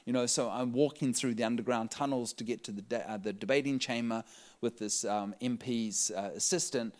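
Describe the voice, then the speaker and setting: Animated male preacher telling stories. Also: medium pitch, a little fast. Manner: animated, laughs often, voice rises in excitement. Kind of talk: sermon storytelling to a live audience.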